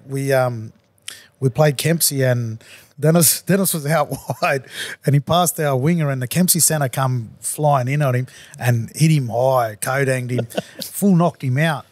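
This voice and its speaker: A man hosting a podcast, spinning a lively sports story with bursts of laughter. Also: medium pitch, no room sound. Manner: animated yarn-spinner, laughs through stories. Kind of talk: casual storytelling chat.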